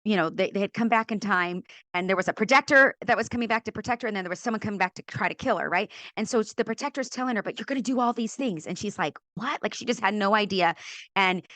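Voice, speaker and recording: A middle-aged woman from California, a podcast guest and author, telling her faith story in an animated way, acting out quoted voices and laughing often. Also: mid-range voice, fast, dry recording. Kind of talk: animated testimony in a faith interview.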